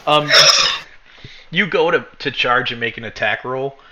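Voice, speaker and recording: A man's voice: medium pitch, unhurried, bright, forceful tone. A man running a tabletop game as game master, narrating in a rambling way and correcting himself as he goes. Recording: dull lo-fi recording.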